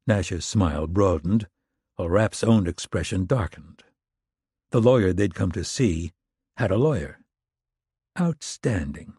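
A man reading a thriller audiobook in a steady, understated way. His voice is low and mellow with a husky edge, recorded close and dry with no room sound. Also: moderate pace, no room sound. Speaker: audiobook narrator. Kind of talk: scripted thriller narration.

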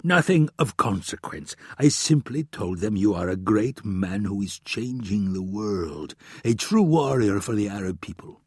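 A man's voice: on the low side, expressive, unhurried, hardly any pauses, husky, no echo, clean studio sound, heavily acted. A man voicing a confident, naive adult prince in an audiobook, raising his voice above his own narration. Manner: confident, self-assured.

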